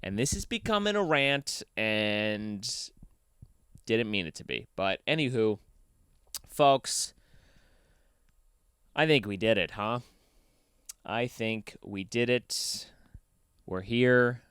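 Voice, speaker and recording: A man's voice: very animated, slow, long pauses, a bit bright, smooth, dry recording, studio quality. A young man hosting his own podcast, ranting casually with lots of swearing, recorded in a basement. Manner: profane, ranting, swings from heated to low and mumbled. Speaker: podcast host. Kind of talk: casual solo podcast rant.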